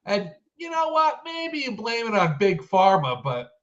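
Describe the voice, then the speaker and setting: A man's voice: high-pitched, huge pitch swings, unhurried, fairly bright tone. A man co-hosting a casual chat show, sounding stuffy-nosed and nasal, rambling and self-deprecating. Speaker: podcast co-host. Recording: dull lo-fi sound.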